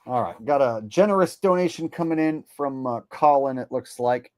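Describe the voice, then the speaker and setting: A man's voice: mid-range voice, expressive, moderate pace, darkish tone, no room sound, studio quality. A man hosting a casual livestream, rambling and swearing as he reads out donations. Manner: rambling and profane, with frequent fillers. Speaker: livestream host.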